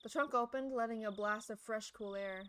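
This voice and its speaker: A woman's voice: a little high, fairly even intonation, moderate pace, a bit bright, a little hiss or hum. A playful, giggly young woman streaming, reading a visual novel aloud and chatting with viewers.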